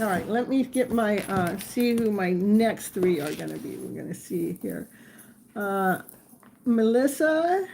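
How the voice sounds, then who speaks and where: A woman's voice: fairly high pitch, darkish tone, a little hiss or hum. A woman in her sixties hosting a live tarot stream, chatting casually with viewers and laughing often. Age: 60s. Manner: chatty, laughs often, playful baby talk to her dog. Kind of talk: casual live-stream chat while reading viewer comments.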